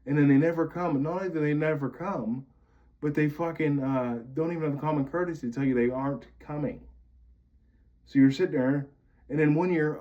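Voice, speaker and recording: A man's voice: on the high side, brisk. Vlogger, man from Pennsylvania, angry profane monologue, muffled lo-fi audio. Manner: bitter, profane ranting. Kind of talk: venting monologue to camera.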